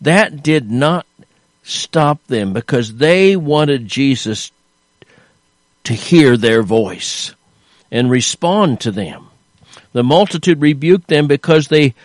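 A man's voice: on the high side, lively intonation, slow pace, dry recording. An older man preaching a sermon, earnest and emphatic, often restarting his phrases as he stresses a point.

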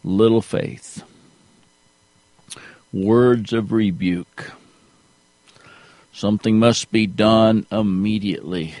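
A man preaching a sermon in a slow, deliberate way, rising to emphasis at key points. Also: on the low side, a little mellow, no echo.

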